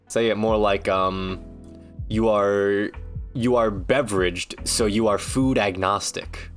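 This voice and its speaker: A man's voice: lowish voice, slow pace, long pauses, faint music behind. A man streaming, ranting casually in a rambling, joking, foul-mouthed way. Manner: rambling, profane, joking rants.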